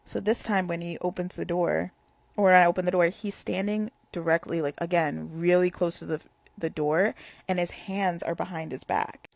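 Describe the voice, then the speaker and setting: A woman's voice: fairly low pitch, fairly even intonation, moderate pace, gravelly, dry recording. A young woman telling a casual storytime, rambling with lots of "like" fillers.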